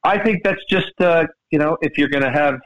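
A man hosting a golf radio talk show, telling stories with laughter in a lively, chatty way. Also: fairly high pitch, brisk, highs cut off. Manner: lively storyteller, laughs often. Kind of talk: casual radio banter.

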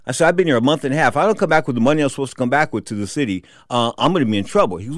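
A man's voice: mid-range voice, lively intonation, racing, hardly any pauses, no room sound, studio quality. A man telling a rambling anecdote about his time as a boxing announcer, often saying "bottom line is" and acting out the quotes. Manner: digressive, repeats "bottom line is", acts out quotes.

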